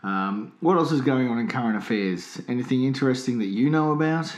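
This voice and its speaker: A man co-hosts a comedy podcast, delivering absurd jokes in a deadpan way. His voice sits at a middle pitch. The room adds a noticeable echo. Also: brisk. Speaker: podcast co-host. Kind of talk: casual comedic banter.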